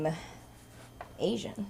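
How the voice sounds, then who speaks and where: A woman's voice: low-pitched, creaky, very noisy. A woman from Los Angeles doing a stand-up set, landing her punchlines dry. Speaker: stand-up comedian. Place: comedy club stage.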